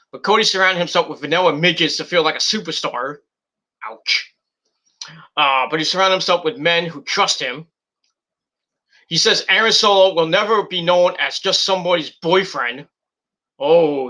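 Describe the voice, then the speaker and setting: Bright-voiced man rambling through a show recap. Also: a little high. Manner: rambling, many fillers, paraphrases wrestlers mockingly. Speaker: wrestling show reviewer. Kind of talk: casual recap and review.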